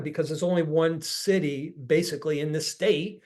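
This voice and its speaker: A man's voice: a little high, fairly even intonation, normal speed, a little mellow. A man telling a heartfelt story on a video group call as a real estate coach, earnest, often repeating himself and restarting sentences. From northeastern US.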